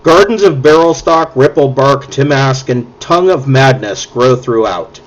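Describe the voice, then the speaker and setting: A man running a tabletop game as dungeon master, narrating scenes in a relaxed, descriptive way. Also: medium pitch, measured pace. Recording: dull lo-fi audio.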